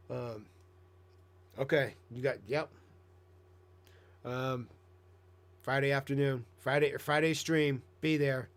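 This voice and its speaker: Laid-back streamer guy, mid-pitched, swears freely, rambles. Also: moderate pace, pauses often. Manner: profane, rambling, bursts into excited squeaky voices mimicking himself. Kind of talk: casual live-stream chat. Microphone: headset.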